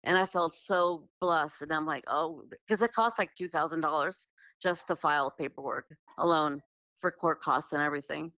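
A woman's voice: sits low, moderate pace, no echo, low-quality recording. A woman telling a long personal story in a casual, earnest way, full of "like" and restarts. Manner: earnest, animated, filler-heavy with many restarts. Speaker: guest telling her story.

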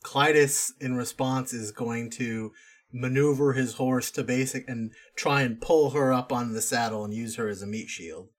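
A man's voice: mid-range voice, fairly even intonation, moderate pace. Guy at a tabletop game describing what his character does, eager. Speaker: player. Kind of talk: tabletop role-play banter.

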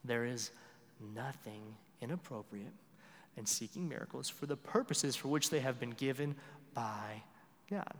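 A young male pastor preaching a sermon in a conversational way, repeating words and swinging between loud emphasis and quiet asides. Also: mid-range voice, expressive, unhurried, long reverb tail.

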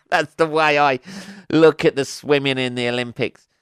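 A man's voice: mid-range voice, steady tone, unhurried, fairly bright tone, clean tone, no room sound. A man hosting a podcast, talking in a rambling, sweary monologue with chuckles and lots of fillers, close to the mic. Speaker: podcast host. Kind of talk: casual monologue.

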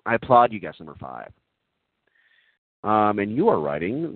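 A man doing comedic, earnest role-play for an online group chat. He talks in a gentle, overly earnest way, full of giggles and ums. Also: on the low side, sing-song, normal speed, dry recording. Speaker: comic prankster addressing an online group chat. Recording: tinny phone-like sound, dry.

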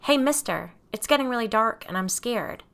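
A woman voicing a cheeky young girl who tells dark jokes with impish delight in an audiobook. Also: on the high side, lively intonation, normal speed, creaky, voice pushed up.

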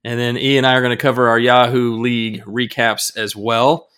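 A man's voice: medium pitch, flat delivery, a bit bright, clear, resonant tone. A man co-hosting a casual sports podcast, upbeat and jokey, talking into a podcast microphone. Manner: upbeat, jokey, quick banter. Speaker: podcast co-host.

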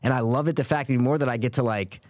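A man's voice: mid-range voice, racing, a little mellow, no room sound, studio quality. A man in his thirties co-hosting a podcast, chatting casually in a playful, teasing way. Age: 30s. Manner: playful, teasing, laughs often. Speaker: podcast co-host. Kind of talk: casual chat.

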